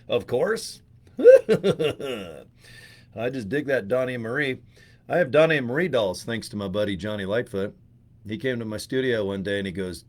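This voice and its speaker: A man's voice: mid-range voice, animated, moderate pace. A man hosting a live stream in casual chat, joking and rambling with crude humor, recorded in his studio.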